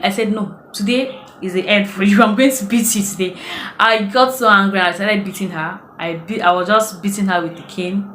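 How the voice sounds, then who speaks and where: Her fairly bright, medium-pitched voice moves at a moderate pace, with slight hiss or hum and an echoey room around it. She's a Nigerian-accented vlogger from Nigeria, telling stories chattily to give casual advice and performing the voices she quotes.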